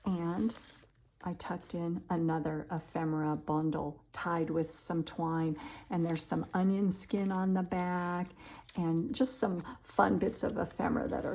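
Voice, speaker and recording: Slow, gravelly woman gushing over crafts. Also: fairly low pitch, a little mellow. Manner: gushing, admiring; unhurried, with fillers. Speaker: junk journal maker. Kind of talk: craft flip-through narration.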